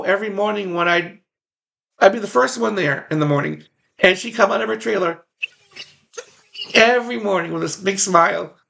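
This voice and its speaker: A man recalls his time as a background extra in a casual, rambling reminiscence, repeating phrases for emphasis. His voice is high and a bit bright, with vocal fry.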